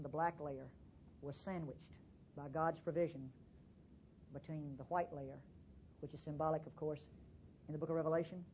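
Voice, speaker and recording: A woman preaching a sermon as dramatic storytelling, swinging from hushed passages to loud ones. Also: medium pitch, breathy edge. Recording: dull lo-fi recording.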